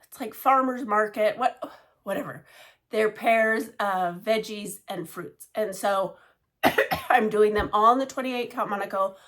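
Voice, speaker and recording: In a casual show-and-tell chat, a woman rambles about her cross-stitch projects, full of fillers and side remarks. Her mid-range voice is a bit bright and unhurried.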